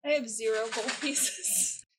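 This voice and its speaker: A woman playing a tabletop game, quick with wry quips. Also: on the high side, background noise. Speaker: player.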